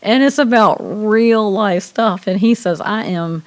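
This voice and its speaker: A woman with a Southern US accent, co-hosting a radio show in casual chat, talkative and quick to laugh as she tells long stories. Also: medium pitch. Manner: chatty, laughs often, tells stories at length.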